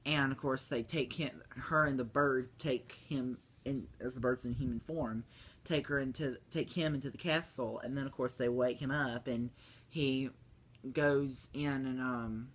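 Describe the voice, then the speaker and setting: A man's voice: fairly even intonation, measured pace, fairly bright tone. Rambling man reviewing a movie. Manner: rambling, full of fillers and restarts; breaks into squeaky high voices to mimic characters.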